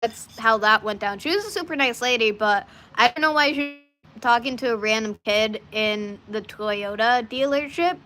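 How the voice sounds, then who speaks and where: A woman talking off the cuff on her livestream, her voice bright and ringing and a little higher than most. She wanders from story to story, restarting sentences and circling back as she goes. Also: normal speed. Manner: rambling and chatty, many restarts and side stories. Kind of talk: casual rambling chat to a live audience.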